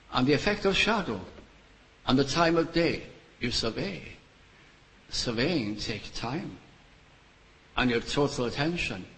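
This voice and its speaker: An older man preaching a sermon, earnest and pleading, with long pauses between his short phrases. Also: mid-range voice, fairly bright tone, poor audio.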